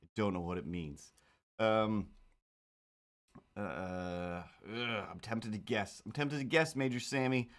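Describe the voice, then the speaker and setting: A male streamer chats casually on a livestream as he draws, rambling along with self-mocking, playful asides. His voice is lowish and slow.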